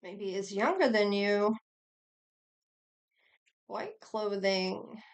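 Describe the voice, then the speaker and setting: A woman's voice: medium pitch, animated, drawn-out words. A middle-aged woman giving a casual tarot reading, chatty and rambling, with sighs and small laughs. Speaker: tarot reader.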